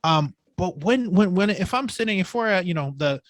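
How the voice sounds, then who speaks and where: A man's voice: high voice, animated, moderate pace, no room sound. A man hosting a podcast interview, talking with energy and slang and often restarting his sentences. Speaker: podcast host.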